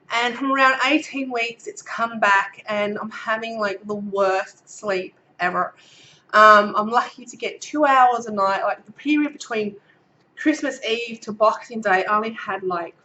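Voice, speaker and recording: A vlogger in her thirties with an Australian accent gives a casual pregnancy update to camera in a fairly high, bright, forceful voice. She's a bit out of breath and recovering from a cold, chatting with many ums while reading her notes. The audio is poor, with slight background noise.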